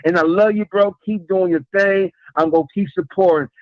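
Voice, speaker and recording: A man's voice: high voice, fairly even intonation, normal speed, dry recording. A man calling in to a live show, talking in an earnest, rambling way and repeating himself as he praises the host. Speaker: caller. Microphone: phone call. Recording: muffled phone-in line.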